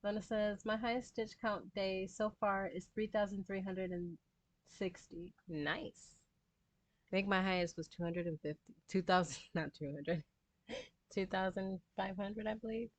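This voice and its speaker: Woman, cross-stitch livestream host, reads and answers chat casually; dry, mid-pitched. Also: fairly even intonation, moderate pace, dry recording. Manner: reads viewer comments aloud and chats back. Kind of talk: casual live-stream chat.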